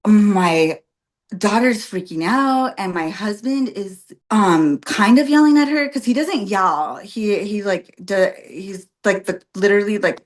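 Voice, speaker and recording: A woman's voice: medium pitch, measured pace. Chatty woman with filler-heavy storytelling. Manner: emotional, laughs often while recounting. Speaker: podcast guest, birth worker. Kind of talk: casual storytelling.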